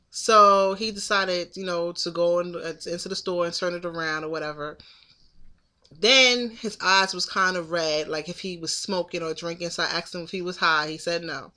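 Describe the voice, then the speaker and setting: A woman's voice: fairly low pitch, sharp tone. A woman in her thirties telling a story to the camera in a casual, indignant venting monologue. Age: 30s. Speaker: vlogger.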